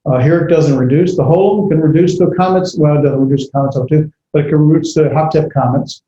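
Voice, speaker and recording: A man lecturing a class on grammar, pausing often with fillers and correcting himself. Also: on the high side, mellow. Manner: halting, many fillers and self-corrections. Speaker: Bible language teacher. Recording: echoey classroom, dull lo-fi audio.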